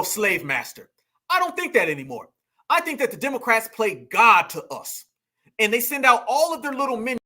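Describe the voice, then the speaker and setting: A man with a strikingly high, bright and forceful voice, preaching his political commentary with heat. He hammers points home through repetition and keeps calling out to his audience directly. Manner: preachy, emphatic, repeats lines for effect, addresses listeners as y'all. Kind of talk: impassioned political monologue.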